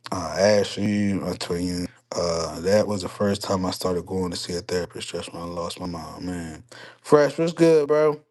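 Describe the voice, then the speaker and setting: A man's voice: deep voice, darkish tone. A man on a live stream casually telling a story and answering chat, swearing freely and getting heated. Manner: profane, heated when retelling conflicts, quick asides to chat.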